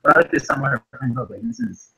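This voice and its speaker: A man's voice: medium pitch, flat delivery, rapid-fire, crowd noise, rough recording. A young man co-hosting a casual comedy chat, telling a story in a laid-back way with lots of fillers.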